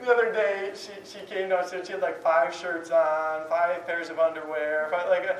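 A man's voice: high voice, steady tone, normal speed. A man giving a conversational sermon, talking candidly in a rambling way with many restarts. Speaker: speaker giving a talk on prayer. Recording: roomy, distant, faint noise.

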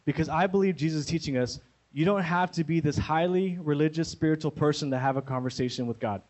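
A young pastor delivers a sermon in a relaxed, conversational style, constantly checking in with listeners through quick "right?" tags. His voice is a little high for a man, and the recording quality is low.

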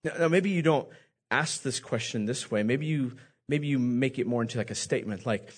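A man's voice: mid-range voice, normal speed. A man preaching a sermon as pastor, speaking earnestly and directly to his congregation, often repeating words.

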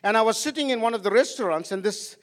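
A man preaching passionately as a pastor, swinging between loud outbursts and quiet asides. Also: high-pitched, expressive, fast. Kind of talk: sermon. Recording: long hall reverb.

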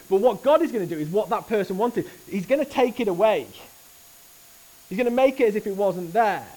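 A man preaching a sermon at a church service, earnest and animated, often restarting his phrases. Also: high-pitched, fairly quick, rough recording.

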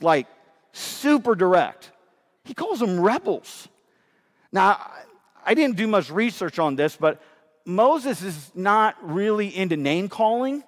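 Male pastor, high and very lively voice, emphatic sermon delivery, long hall reverb. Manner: animated, emphatic, repeats phrases.

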